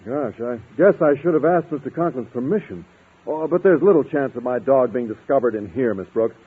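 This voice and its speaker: A gentle, earnest biology teacher with a soft, husky voice that rises and falls freely. It is a 1950s radio comedy heard through a thin, phone-like broadcast line. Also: male voice, mid-range voice, lively intonation, a little fast. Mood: mild. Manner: mild, earnest. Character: shy, gentle man biology teacher, fond of animals. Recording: tinny old radio broadcast.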